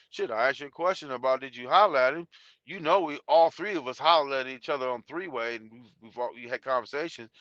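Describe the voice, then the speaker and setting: A man hosts a YouTube live stream, reading chat and talking bluntly and profanely in a rambling way with many restarts. His voice is on the high side, bright and forceful. The recording is dry with a dull lo-fi sound.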